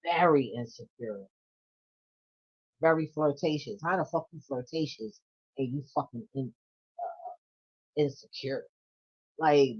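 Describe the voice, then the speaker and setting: A woman's voice: sits low, slightly rough. A woman doing a casual tarot reading vlog, blunt and profane, with laughing asides. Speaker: tarot reader. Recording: dull lo-fi audio.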